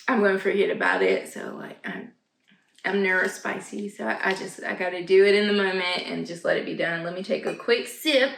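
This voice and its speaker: A woman's voice: mid-range voice, creaky, a bit bright, echoey room, poor audio. A woman, chatting casually for her vlog, gushing and full of fillers and asides. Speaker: vlogger. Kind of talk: casual chat. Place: home, indoors.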